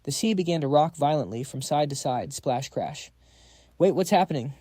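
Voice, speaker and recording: A man's voice: fairly high pitch, lively intonation, moderate pace, mellow, no room sound, clean studio sound. A man narrating a comic recap in a casual, slangy storytelling voice, reading every part himself.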